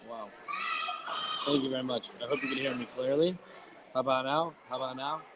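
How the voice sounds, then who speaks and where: A man moderating a group video call, sharing ideas in an animated, playful way. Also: mid-range voice, a little fast. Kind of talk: casual group-call hosting. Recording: noisy video call audio.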